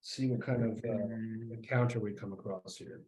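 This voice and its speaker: A man running a tabletop game as game master, halting and often breaking into laughter. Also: fairly low pitch, steady tone, warm tone, echoey room, rough recording.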